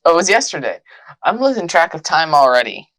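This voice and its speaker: Brief: woman player, low pitch, animated, hesitant, dry close sound. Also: a little fast, no echo, poor audio. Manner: thinking aloud, hesitant. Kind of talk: tabletop role-play chat.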